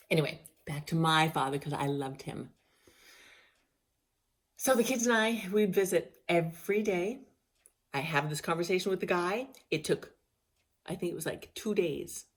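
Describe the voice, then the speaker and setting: A middle-aged woman telling a personal story in a casual vlog, candid and emotional, often restarting and trailing off mid-phrase. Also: fairly low pitch. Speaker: vlogger.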